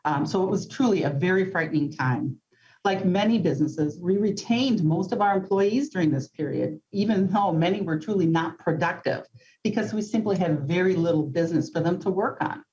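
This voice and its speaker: A woman, a company CEO, giving prepared, earnest testimony to a legislative committee at a measured pace, with occasional ums. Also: lowish voice, expressive, a little mellow, muffled recording.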